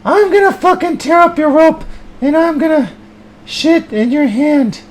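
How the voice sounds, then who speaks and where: A man voicing a shrill, hot-tempered man who screeches curses and insults. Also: measured pace, a little hiss or hum. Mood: furious.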